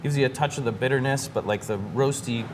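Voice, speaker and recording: A man's voice: medium pitch, quick pace, slight background noise. A man, a brewery guest, explains beer styles in a loose, joking way with lots of fillers. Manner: jokey, loose, many fillers. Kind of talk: casual radio interview.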